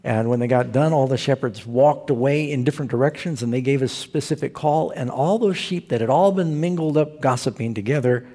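With a mellow, medium-pitched voice, a pastor from Southern California preaches fairly quickly and rarely pauses. His sermon weaves in humorous stories and rhetorical questions for the congregation.

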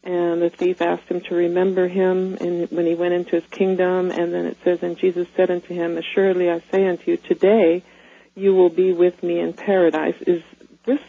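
Female caller, phone line, gravelly, lots of ums. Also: on the low side, flat delivery, normal speed, dry recording. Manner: hesitant, many ums, searching for verses. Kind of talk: phone call to a radio show.

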